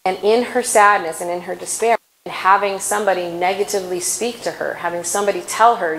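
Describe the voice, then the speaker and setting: A woman giving a faith-based inspirational talk at a conference, chatty and quick to laugh, often correcting herself mid-sentence. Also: mid-range voice, fairly bright tone, a little hiss or hum, rough recording. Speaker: conference speaker.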